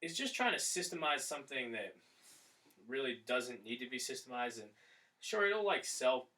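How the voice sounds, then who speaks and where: Brief: male strength coach and podcast host, bright tense tone, loose conversational delivery, set slightly back from the mic. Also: medium pitch, normal speed, distant mic, poor audio. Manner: relaxed, rambling with fillers. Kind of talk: casual podcast chat.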